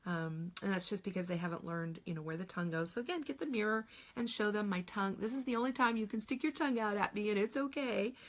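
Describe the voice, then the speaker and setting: A woman's voice: mid-range voice, fast, hardly any pauses. A middle-aged woman teaching a phonics lesson on video, explaining patiently step by step and modeling each sound aloud.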